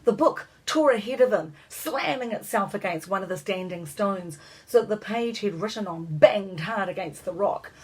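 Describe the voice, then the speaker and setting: A woman narrating a children's storybook in a measured, expressive reading voice. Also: medium pitch, husky, poor audio.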